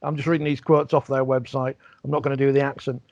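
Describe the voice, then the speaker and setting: A man's voice: mid-range voice, level tone, fast, darkish tone, no room sound. A man hosting a rugby league podcast in casual chat, wry and reading quotes aloud. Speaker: podcast host. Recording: dry, dull lo-fi sound.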